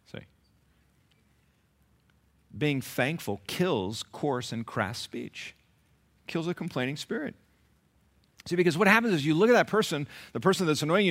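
A man preaching a sermon as pastor, emphatic and animated, with many rhetorical questions. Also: on the high side, normal speed, long pauses.

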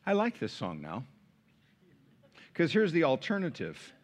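Brief: middle-aged male pastor, lively swooping delivery, casual sermon with asides. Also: on the high side, unhurried. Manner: animated, conversational, sings hymn lines.

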